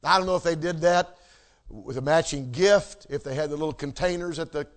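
A man's voice: fairly high pitch, brisk. A man preaching a sermon, emphatic, repeating key words and checking in with the congregation. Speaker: pastor.

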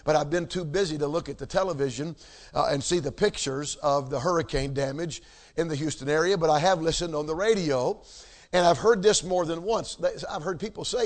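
A man's voice: on the high side, a little fast. A man preaching a sermon, emphatic, repeating key words and checking in with the congregation. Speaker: pastor.

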